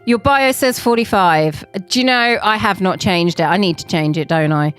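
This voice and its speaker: A woman's voice: mid-range voice, normal speed, fairly bright tone, faint music behind. A woman in her forties chatting casually to viewers on a live stream, rambling and laughing often. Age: 40s.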